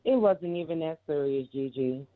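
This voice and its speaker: A woman's voice: sits low, lively intonation, moderate pace. A woman giving heated, emphatic commentary, repeating herself and cursing freely. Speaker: guest commentator. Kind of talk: casual commentary. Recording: tinny phone line.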